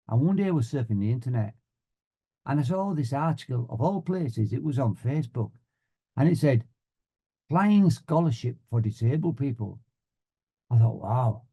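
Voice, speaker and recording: Brief: Yorkshire man, motivational speaker, deadpan self-mocking humour, mellow voice. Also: medium pitch, fairly quick, slightly rough. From Yorkshire, England. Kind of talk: humorous motivational talk.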